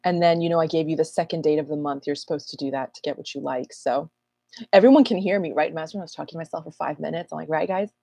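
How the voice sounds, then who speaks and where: Low-voiced chatty woman astrologer. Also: quick pace, warm tone, no echo. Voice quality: slightly husky morning voice. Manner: chatty, rambling, self-mocking. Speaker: astrologer hosting a live Q&A. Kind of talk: casual livestream chat.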